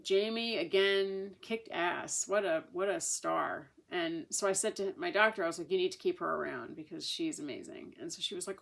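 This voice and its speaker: On the low side yet fairly bright in tone, a woman's creaky voice moves at a moderate pace with hardly any pauses. She's a vlogger casually telling a long story of a patient's experience to camera, rambling chattily through restarts and fillers.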